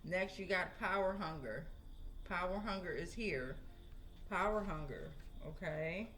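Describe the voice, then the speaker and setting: A woman's voice: on the low side, a little slow, a bit bright, slight background noise. A woman giving a casual tarot reading, chatting to her viewers and often asking "right?". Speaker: tarot reader.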